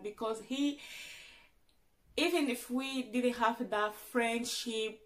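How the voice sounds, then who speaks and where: A young woman who is not a native English speaker tells her personal story as a vlogger, chatty and acting out her own past lines. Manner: chatty, acts out her own past lines with big swings in pitch and loudness. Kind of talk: casual storytelling vlog.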